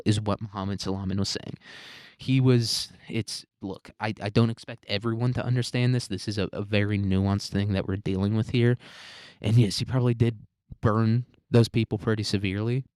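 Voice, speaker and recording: A man's voice: on the low side, steady tone, a little fast, darkish tone, no echo, studio quality. A man hosting a solo commentary podcast, rambling, sarcastic and heavy on swearing. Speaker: podcast host.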